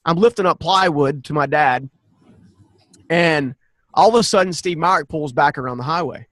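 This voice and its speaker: A man in his forties, a podcast guest, telling a personal story in an animated, earnest way and often restarting his sentences. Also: on the high side, normal speed, dry recording. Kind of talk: personal storytelling in a conversational interview.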